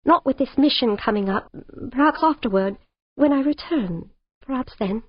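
A woman's voice: high voice, lively intonation, normal speed, no echo, highs cut off, voice pushed up. A woman voicing a tearful, pleading young woman. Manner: pleading, tearful, breaking off mid-sentence. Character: distressed young woman refusing a suitor.

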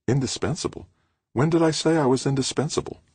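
A man voicing a stubborn, quick-tempered young woman astronomer in an audiobook, indignant and defiant. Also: big pitch swings, darkish tone, husky, dry recording, heavily acted. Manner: indignant, defiant, rising to shrill outbursts. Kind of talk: audiobook character voice.

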